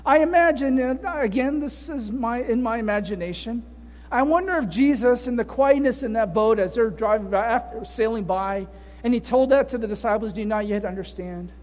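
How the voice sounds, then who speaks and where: Speaking at a normal pace, this male pastor has a very high yet slightly mellow voice. He brings the story to life in his sermon, posing rhetorical question after rhetorical question, and the sound lingers with a long, big-hall echo.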